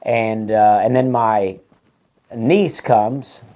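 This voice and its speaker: A man's voice: on the low side, fairly even intonation, drawn-out words, mellow. A man, a comedian telling a meandering story, full of fillers and lost trains of thought. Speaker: stand-up comedian. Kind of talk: rambling comic storytelling.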